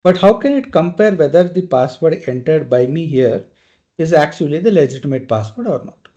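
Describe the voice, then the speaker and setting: Guy teaching a tech class online, mellow voice, kinda muffled lo-fi audio, keeps asking right?. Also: fairly high pitch, lively intonation, normal speed. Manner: explains step by step with frequent "right?" checks. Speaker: trainer. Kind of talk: live technical lecture.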